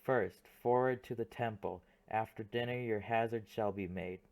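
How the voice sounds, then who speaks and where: A man's voice: on the low side, normal speed, gravelly, a little mellow. Composed noble lady, read by a man. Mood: formal. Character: noble young woman, composed and firm. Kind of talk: audiobook play reading.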